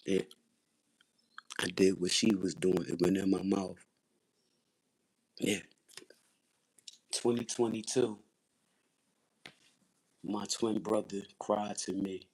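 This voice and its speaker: Husky low-voiced man, intense. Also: steady tone, slow pace, pauses often. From Philadelphia, USA. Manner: intense, repetitive, blunt and profane. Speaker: livestream host. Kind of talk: raw personal testimony on a livestream.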